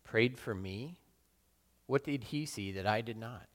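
A man playing the apostle Peter, a burly fisherman full of guilt, in a solemn, halting dramatic monologue. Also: on the low side, natural voice. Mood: remorseful. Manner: solemn, halting and self-questioning. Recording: long reverb in a large hall.

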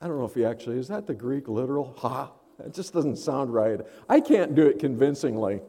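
A man preaches a sermon in a relaxed, conversational way, as if thinking aloud. His voice sits at an average pitch for a man. A long reverb hangs on his words in a large hall. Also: quick pace. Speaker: pastor.

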